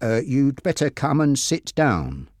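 A man voicing a male police officer delivering bad news quietly and hesitantly in a read-aloud story. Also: mid-range voice, sing-song, a little slow, dry recording, clean studio sound. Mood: gentle.

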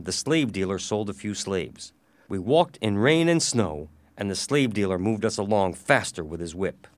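Low-voiced male storybook narrator. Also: dry recording. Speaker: audiobook reader.

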